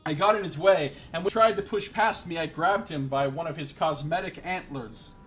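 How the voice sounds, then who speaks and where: A man's voice: fairly high pitch, normal speed, a bit bright, faint music behind. A man streaming a game, reading its story aloud with wry asides. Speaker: let's play streamer.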